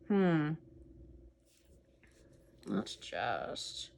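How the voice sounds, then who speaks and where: A woman's voice: on the low side, wildly swooping pitch, very slow, creaky, dark tone. A woman giving casual, rambling gameplay commentary as a let's play host, humming to herself between remarks. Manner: rambling, chatty, hums to herself.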